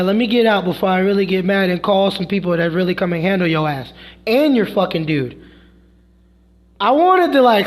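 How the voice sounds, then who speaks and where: A man with a notably high-pitched voice rants to his stream in a frustrated, heated way. He swears constantly and retells an argument by slipping into quoted voices for himself and others. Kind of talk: heated storytelling rant.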